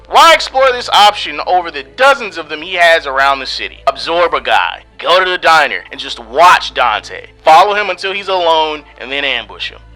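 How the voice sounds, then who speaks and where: A man with a bright, forward voice gives scripted review commentary. He sounds exasperated and sarcastic and keeps firing off rhetorical questions. Soft music plays faintly underneath him. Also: medium pitch, low-quality recording. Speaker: host and reviewer.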